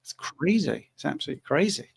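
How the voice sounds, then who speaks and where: A man's voice: a little high, lively intonation, fast, gravelly, breathy edge. A man hosting a live Q&A, chatty and teasing his guest. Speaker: host. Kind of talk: live Q&A chat.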